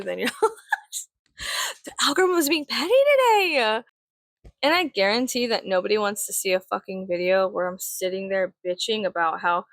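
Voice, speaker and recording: A woman in her thirties venting in a casual vlog, blunt, profane and sarcastic, swinging into sudden high laughs. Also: fairly bright tone, no room sound. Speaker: vlogger.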